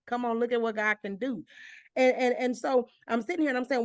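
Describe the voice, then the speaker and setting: A woman from Georgia, a guest and minister telling her personal story in an interview with passionate, repetitive phrasing that climbs in pitch as she gets stirred. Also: fairly even intonation, brisk, no echo. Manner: impassioned, repeats phrases, voice climbs when stirred. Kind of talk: emotional personal testimony.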